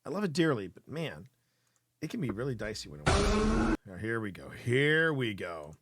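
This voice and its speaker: A man hosting a live show, reacting to clips in excitable, rambling commentary full of repeated words and swearing. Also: mid-range voice, normal speed, very noisy.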